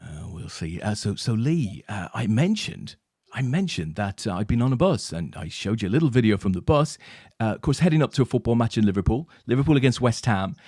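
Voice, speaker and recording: Animated, dry-sounding male storyteller. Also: medium pitch, fairly quick, slightly rough, dry recording. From England. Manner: animated anecdote-teller, tags lines with "right?". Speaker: co-host. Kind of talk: casual storytelling chat.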